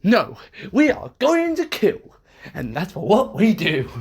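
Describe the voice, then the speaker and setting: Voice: medium pitch, wildly swooping pitch, slow pace, breathy edge, voice pushed up, full character voice. A storyteller voicing an old male villain who gloats and laughs manically in a homemade horror story. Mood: menacing.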